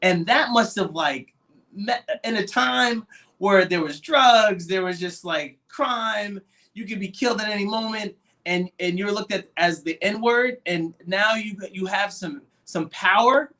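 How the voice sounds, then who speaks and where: High-voiced man chatting about movies. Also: a little slow. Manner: animated, acts out quoted voices. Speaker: podcast co-host. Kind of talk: casual movie discussion.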